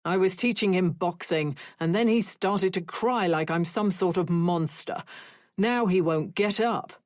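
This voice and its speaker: Brusque dad, defensive, read by a woman, measured and unhurried, close dry read. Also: on the low side, no echo, natural voice. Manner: brusque, dismissive. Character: gruff British father, dismissive and defensive.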